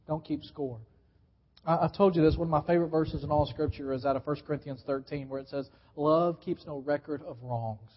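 The clip is a live sermon recorded in a church sanctuary, where a long reverb trails the voice and the sound comes across dull and muffled. A high-pitched male pastor preaches a little fast, hammering his points through repetition and urging the congregation to call back.

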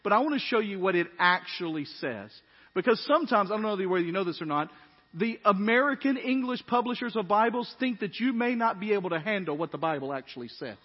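High-voiced preacher man in a reverberant hall. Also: expressive, fast talker, husky. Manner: emphatic preacher, rising to loud stressed phrases, asking the crowd questions. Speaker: pastor. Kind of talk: sermon. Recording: dull sermon audio with long hall reverb.

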